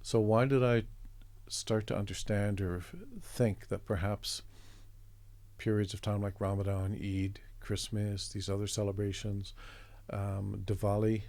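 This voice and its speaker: A Canadian artist appearing as an interview guest tells stories in a gravelly, low, warm voice with no echo. His conversational storytelling is reflective, meandering through anecdotes and restarting along the way.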